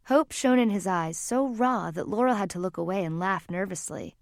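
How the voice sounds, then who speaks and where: A woman narrating a fantasy audiobook in a calm, even storytelling manner. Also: medium pitch, normal speed, creaky, few pauses, no echo, studio quality. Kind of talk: scripted narration.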